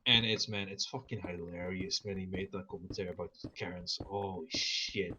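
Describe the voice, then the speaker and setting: A man's voice: sits low, steady tone, normal speed, noisy background. A man chatting casually during a gaming stream, rambling and swearing constantly.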